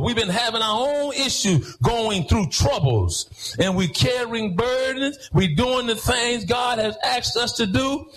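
A pastor preaching a sermon in church, rhythmic, swinging between half-sung phrases and shouted lines. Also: male voice, very high voice, poor audio.

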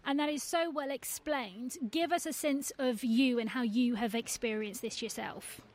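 A woman hosting a radio panel, bringing in guests in a brisk, inviting way. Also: on the high side, fairly even intonation. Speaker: radio host.

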